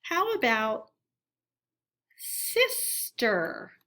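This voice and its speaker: Very slow, bright-voiced woman teacher. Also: on the high side, huge pitch swings. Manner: slow, deliberate word-by-word reading aloud for kids to repeat. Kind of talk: recorded phonics lesson for children.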